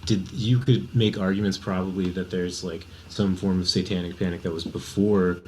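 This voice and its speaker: A man's voice: sits low, steady tone, moderate pace, a little mellow. A man guesting on a casual podcast chat, hesitant, trailing off with lots of fillers. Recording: faint background noise.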